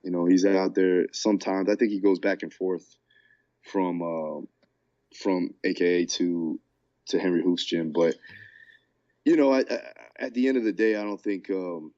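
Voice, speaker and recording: A man's voice: low-pitched, steady tone, moderate pace, mellow, lo-fi sound. A man co-hosting a podcast as a fight coach, talking in a laid-back, casual way and often saying "man". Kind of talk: casual chat.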